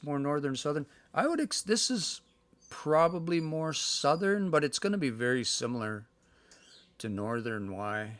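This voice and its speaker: Male language teacher, gravelly, mid pitch, casual live-stream lesson at home, thinks aloud and sounds words out slowly. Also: a bit bright, dry recording.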